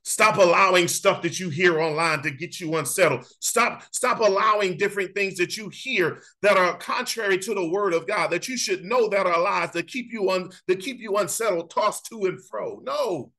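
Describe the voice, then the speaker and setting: A man's voice: high-pitched, moderate pace, hardly any pauses, bright, forceful tone, poor audio. A man teaching a Bible study in an impassioned, conversational preaching style, repeating phrases and speaking straight to his listeners.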